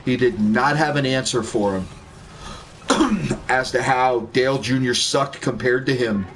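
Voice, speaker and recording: A man's voice: mid-range voice, a little slow, fairly bright tone, a little hiss or hum. A man casually telling a rambling story while gaming, laid-back and swearing freely. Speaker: gaming streamer.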